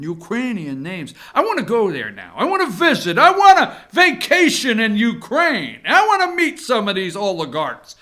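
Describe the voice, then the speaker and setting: Animated sarcastic male talk host. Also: high-pitched. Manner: sarcastic, talks to viewers directly. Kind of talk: opinion news commentary monologue.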